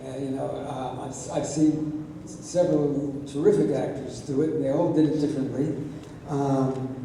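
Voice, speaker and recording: A man's voice: medium pitch, fairly even intonation, normal speed, dark tone, a little hiss or hum. A man in his eighties, an actor answering fan questions at a convention panel, telling wry stories with many restarts. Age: 80s. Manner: rambling, self-correcting, wry. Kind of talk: convention Q&A storytelling. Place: large convention hall. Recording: echoey convention hall, far from mic.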